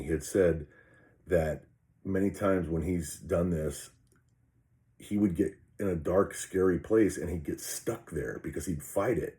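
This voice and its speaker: An older man, a retired police officer, recounts a personal experience while reading from his own notes. His delivery is halting and earnest, with frequent restarts and repeated words. His voice is low-pitched with a dark tone.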